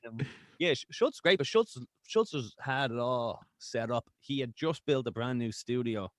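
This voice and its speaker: Laughing Irish podcast guest. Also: male voice, mid-range voice, animated, moderate pace, no room sound, clean studio sound. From Ireland. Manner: jokey and profane, laughs often. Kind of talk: casual podcast chat. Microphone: video call.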